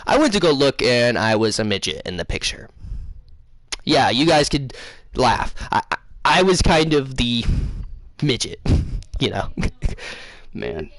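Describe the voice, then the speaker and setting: A man's voice: medium pitch, expressive, a little slow, long pauses, fairly bright tone, no room sound. A man hosting a casual vlog, retelling a dream in a rambling way full of fillers. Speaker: channel host.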